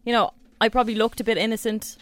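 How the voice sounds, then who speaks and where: A woman's voice: fairly high pitch, steady tone, fast. A young woman with an Irish accent co-hosting a radio show, telling stories in a chatty, laid-back way. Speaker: radio co-host. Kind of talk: casual radio chat.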